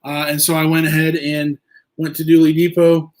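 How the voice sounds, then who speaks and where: A man hosting a casual livestream, answering viewer questions in a rambling, halting way with many fillers. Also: fairly high pitch, completely flat delivery, darkish tone. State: eye irritated from injury. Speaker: livestream host.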